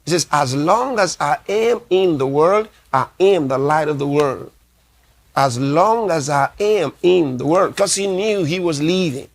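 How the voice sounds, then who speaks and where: Slow, deliberate preaching pastor, man. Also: on the high side, lively intonation. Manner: emphatic preaching, repeating key phrases; reads scripture aloud slowly. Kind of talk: sermon.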